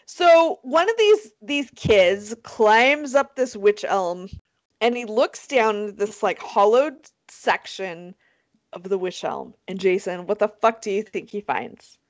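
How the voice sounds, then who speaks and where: A woman co-hosting a casual chat, telling a story in an animated, profane, self-mocking way. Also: medium pitch, slow, no room sound, rough recording. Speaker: podcast co-host.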